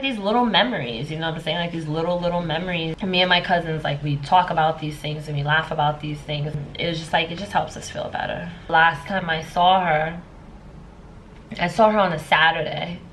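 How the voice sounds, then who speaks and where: A woman's voice: fairly low pitch, a bit bright, slight background noise, rough recording. A woman in her thirties, a life coach, telling a personal story in a casual vlog, emotional and rambling with many fillers. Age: 30s. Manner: emotional, tearful at times.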